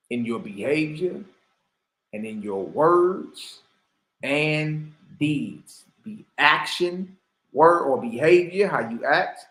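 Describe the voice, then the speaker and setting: A man's voice: fairly high pitch, pushed and bright. Fiery preaching man in an echoey room. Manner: fiery, rhetorical, keeps asking the listeners questions. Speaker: teacher. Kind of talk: preaching lesson reading from a text.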